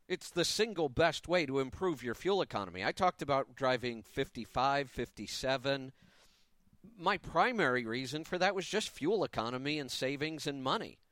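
A man's voice: medium pitch, a bit bright, no echo, studio quality. A man in his fifties hosting a live talk radio show, giving an opinionated, emphatic monologue with a touch of sarcasm.

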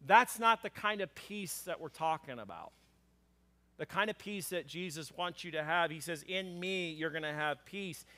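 A man preaching a sermon as pastor, conversational and animated, with frequent fillers and acted-out lines for scripture characters. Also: fairly high pitch, normal speed. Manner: acts out scripture characters in a raised voice.

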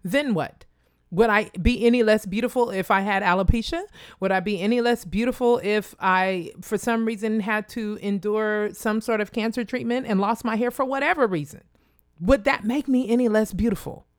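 A woman from Kansas telling a personal story in a casual, animated way, acting out other people's voices. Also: moderate pace, dry recording, clean studio sound. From Wichita, Kansas, USA. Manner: animated, acts out quoted voices in a high pitch; addresses listeners directly and casually.

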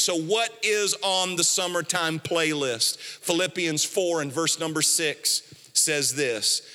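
A man's voice: high voice, pushed and bright. A man preaching a sermon as pastor, emphatic and storytelling, repeating his key phrases. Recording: echoey hall.

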